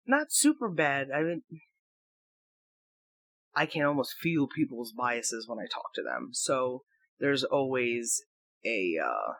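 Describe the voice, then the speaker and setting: A man rambling through a reflective solo audio blog into a microphone, halting and questioning himself as he goes, swearing freely. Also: medium pitch, sing-song, a bit bright, no echo. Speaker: audio blogger. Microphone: talking into a microphone.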